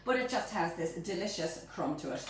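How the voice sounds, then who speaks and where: A woman with a lowish voice hosts her own baking show, talking animatedly and fairly quickly as she playfully chats her way through a recipe, often tripping over her words. The room is very echoey, the mic sits at a distance, and there's faint noise.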